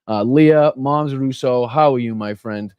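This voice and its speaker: A man's voice: mid-range voice, unhurried, smooth, no echo, dull audio. A middle-aged man with a Boston accent hosting a casual political livestream, greeting viewers by name and swearing freely. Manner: casual, swears freely, reads out chat names. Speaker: host of a political livestream show. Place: home room with air conditioner running.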